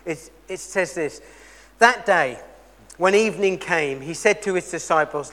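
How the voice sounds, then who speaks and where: A man preaching a sermon, telling a story earnestly and moving between loud emphasis and quiet intensity. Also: a little high, normal speed, long reverb tail.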